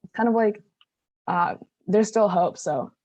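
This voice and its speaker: A woman's voice: medium pitch, moderate pace, warm tone, no echo. Hesitant young woman, dry sound. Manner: hesitant, filler-heavy talk. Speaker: student founder. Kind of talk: casual chat.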